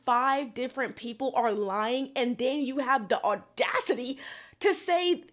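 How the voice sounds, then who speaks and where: A woman's voice: high voice, measured pace, a bit bright. Sassy young woman recapping reality TV. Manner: sassy, exasperated, profane asides. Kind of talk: casual recap commentary.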